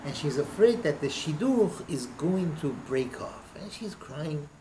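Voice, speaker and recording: A man, a rabbi, telling a story in a class in a lively way with lots of casual fillers. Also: on the high side, a little slow, a little hiss or hum. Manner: lively, with many fillers like "you know". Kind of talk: storytelling in a lesson.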